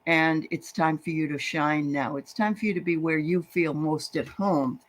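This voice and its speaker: A woman hosting a live spiritual show, chatting with her guest and giving readings in a lively, joking way. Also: sits low. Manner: lively, chatty, quick to joke and laugh.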